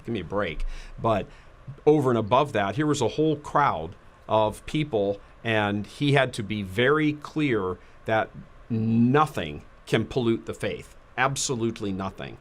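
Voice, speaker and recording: Low-voiced man in his fifties, storytelling. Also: fairly bright tone. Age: 50s. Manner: anecdotal, laughs often, many fillers. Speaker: guest. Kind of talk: casual storytelling chat.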